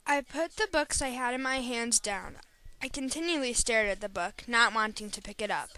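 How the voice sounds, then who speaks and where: A woman reading her own first-person story aloud in a steady storytelling way. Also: on the high side, normal speed, clear, resonant tone, no echo, low-quality recording.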